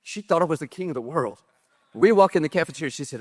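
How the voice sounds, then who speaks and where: A tearful middle-aged pastor with a drawl talks in a slightly high voice, stopping and restarting as his voice cracks. His words ring out with a long reverb across a large hall. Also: lively intonation. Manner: halting and tearful, with many restarts and soft laughs. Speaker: pastor being interviewed. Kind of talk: emotional personal story on stage. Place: stage at a large pastors' gathering.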